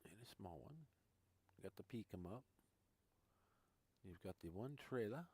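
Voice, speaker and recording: A man with a fairly low, dark voice and a breathy edge speaks animatedly but a little slowly. He's a gaming streamer offering casual live commentary as he tours a farming game, thinking aloud for his viewers.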